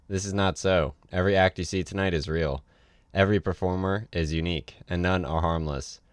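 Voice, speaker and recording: A man reading aloud voices a tall, ancient circus ringmaster who gives a formal, ominous welcome in a low, croaky voice. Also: steady tone, fairly quick, no room sound, studio quality, close to an everyday voice. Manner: formal, warning showman's address.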